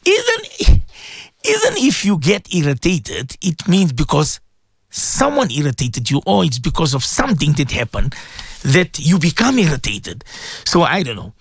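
A man hosting a casual morning radio talk show, speaking in a fairly high voice that swings widely up and down. He is animated, often repeats his words, and pleads and exclaims at his listeners. The sound is dry and close, with no room echo. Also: moderate pace, breathy edge. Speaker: radio show host addressed as Maulana.

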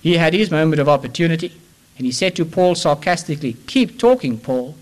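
Male preacher, high-pitched, impassioned, loud-to-soft sermon delivery. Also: fast, low-quality recording. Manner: impassioned, swings between loud urging and hushed pleading.

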